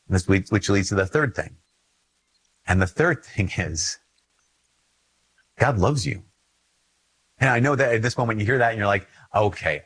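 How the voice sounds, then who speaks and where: A man's voice: lowish voice, fairly bright tone, breathy edge, dry recording, rough recording. A man with a Minnesota accent, a Catholic priest giving an earnest, conversational talk on faith, repeating phrases for emphasis. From Minnesota, USA. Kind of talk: casual spoken teaching on faith.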